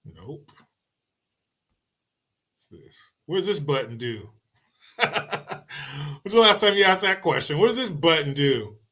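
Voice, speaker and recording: A man hosts his own stream and rants in a casual, mocking, combative way, full of profanity. His voice is bright and forward. It also sits a little high for a man. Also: very animated, slow, long pauses, husky. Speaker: political commentary host. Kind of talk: casual political rant. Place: home streaming setup.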